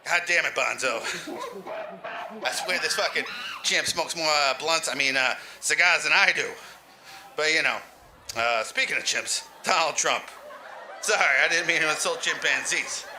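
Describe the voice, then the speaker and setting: A man's voice: a little high, moderate pace, long pauses, pushed and bright, a little hiss or hum, poor audio. A man telling a crude, rambling comic story as an old lounge comedian, laughing through his own jokes. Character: lounge comedian claiming eighty-five years.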